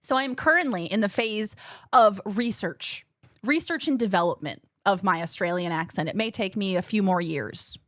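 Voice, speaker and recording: A woman streamer chatting casually with her viewers, animated and rambling, often restarting her sentences. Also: mid-range voice, moderate pace, dry recording, clean studio sound. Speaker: gaming streamer.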